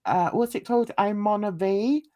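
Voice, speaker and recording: A woman's voice: medium pitch, a little slow, mellow, no echo, studio quality. A woman on a livestream panel, chatting casually, laughing often and mimicking other people's voices.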